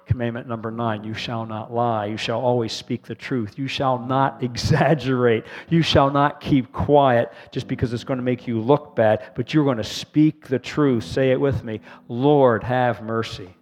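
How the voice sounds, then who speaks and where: A man's voice: medium pitch, fairly even intonation, normal speed, hardly any pauses, a little mellow, faint music behind. A man, a pastor, leading an earnest sermon prayer, calling the congregation to repeat responses after him.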